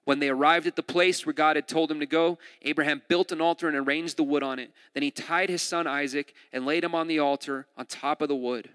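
A man preaching a sermon in a lively, conversational way, retelling a scripture story with asides and jokes. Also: a little high, brisk, hardly any pauses, smooth. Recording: long hall reverb.

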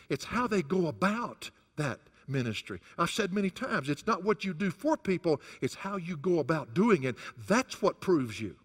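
A male pastor delivers a sermon with a wide, animated pitch range that rises high on his key points. His voice sits a little above average for a man. The sound carries a long reverb, as if from a large sanctuary. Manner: rises and falls sharply for emphasis, chuckles between points.

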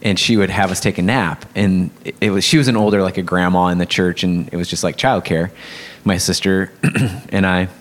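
A man's voice: low-pitched, steady tone, a little fast. A man telling a story in a casual faith discussion, rambling with lots of fillers. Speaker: podcast co-host.

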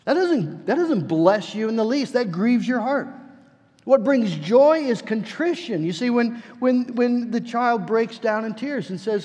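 Pastor, man, high voice, earnest sermon delivery with repeated words, long church-hall reverb. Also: lively intonation, a little mellow. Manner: earnest, pleading, slows down for emphasis; repeats words as he searches for the next.

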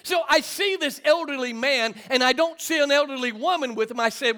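A middle-aged man with a very high-pitched, sharp voice preaches quite quickly in a church sanctuary. He tells stories and calls for amens from the congregation in call-and-response style.

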